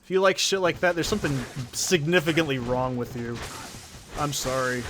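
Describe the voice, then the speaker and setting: A man's voice: a little high, moderate pace, over music. A man hosting a game let's play, chatting casually in a rambling, profane, joking way. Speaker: gaming channel host.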